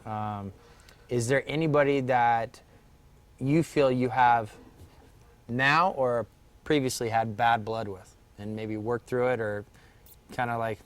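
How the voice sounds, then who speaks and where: A man's voice: medium pitch, fairly bright tone. A man hosting a casual live chat and reading viewer questions, with a joking, teasing manner.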